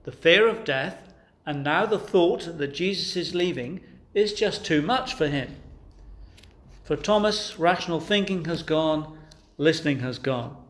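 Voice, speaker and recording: A man's voice: a little high, animated, a little slow. A man preaching a sermon, asking rhetorical questions and pressing his points with emphasis.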